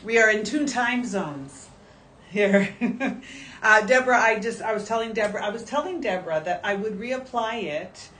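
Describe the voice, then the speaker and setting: A woman in her sixties chatting through a skincare livestream, warmly direct and emotional with her viewers. Her pitch sits in an ordinary middle range. A faint hum of background noise runs under the recording. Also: normal speed. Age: 60s. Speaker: shopping channel skincare brand presenter. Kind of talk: casual livestream sales chat.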